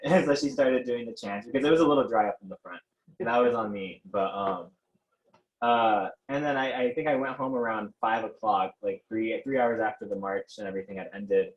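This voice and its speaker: On a low-quality recording, the young Mexican-heritage protest organizer, a teen, speaks fairly quickly in a mid-range voice. Interviewed casually, he stumbles through events with many fillers and restarts, hesitant and quick to laugh.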